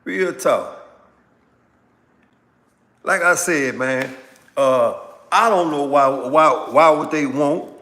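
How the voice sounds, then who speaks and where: A man hosts a live stream and reacts to viewer comments in a loose, animated way, often repeating himself for emphasis. He speaks slowly in a bright, slightly raised voice. The room carries a long reverb. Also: fairly high pitch. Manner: animated, repetitive, talks back to viewers. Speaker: livestream host. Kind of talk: casual political commentary reading chat.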